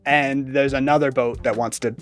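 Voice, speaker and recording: A woman chatting sarcastically as a movie reviewer, animated and mocking, with light music behind. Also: extremely low pitch, normal speed. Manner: sarcastic, animated, mimics lines in exaggerated voices. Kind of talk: casual review chat.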